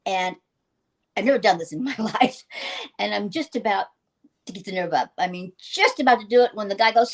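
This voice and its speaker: An older woman, a guest actress, telling animated anecdotes in a casual interview and laughing often. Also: mid-range voice, a little fast.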